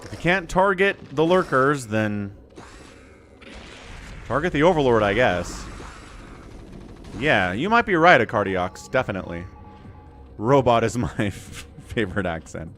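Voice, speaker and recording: A man casting a live-streamed strategy game, chatting with viewers and breaking into excited play-by-play during fights. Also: medium pitch, measured pace, pauses often, slight background noise.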